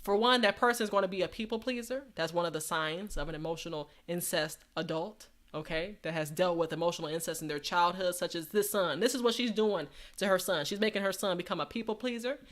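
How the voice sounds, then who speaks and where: A woman's voice: on the low side, fast, few pauses. A woman hosting a live stream, chatting casually and calling on her audience as y'all. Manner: chatty, addresses chat as y'all. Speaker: host.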